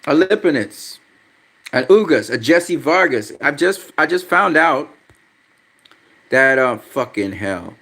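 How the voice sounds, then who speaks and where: His voice is a little high and sharp, swinging widely in pitch as he talks slowly with long pauses. He's a livestream host chatting casually about boxing, reading viewer comments, and he swears a lot, speaks bluntly and loses patience easily.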